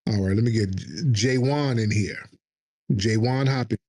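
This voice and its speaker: A man's voice: on the low side, moderate pace, warm tone. A man hosting a call-in livestream show, talking in a combative, mocking way. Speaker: host.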